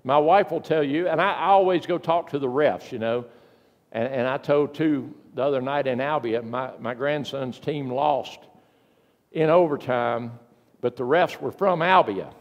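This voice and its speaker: An older male pastor delivering a sermon in a church, telling folksy stories and breaking into sudden loud, emphatic bursts. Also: medium pitch, moderate pace, in a large hall, highs cut off. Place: church sanctuary.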